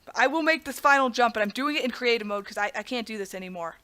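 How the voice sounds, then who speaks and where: A woman's voice: on the high side, animated, fast talker, sharp tone. A young woman hosting a let's play, narrating her gameplay with melodramatic, self-mocking complaints and talking to her viewers as "guys". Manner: talks to the audience as "guys". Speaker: gaming channel host.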